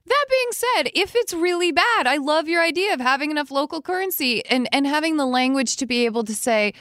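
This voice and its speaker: A woman's voice: high voice, a little fast, few pauses, no room sound, clean studio sound. A woman co-hosting an advice show in casual, chatty talk, laughing and acting out lines she imagines saying. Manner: chatty, animated, laughs often, acts out quoted lines. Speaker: advice podcast co-host.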